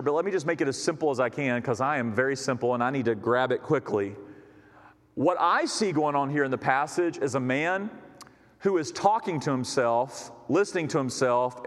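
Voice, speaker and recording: Impassioned high-pitched male preacher. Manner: impassioned preaching, rising and dropping dramatically. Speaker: pastor. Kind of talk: sermon. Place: church sanctuary. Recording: long reverb of a church hall.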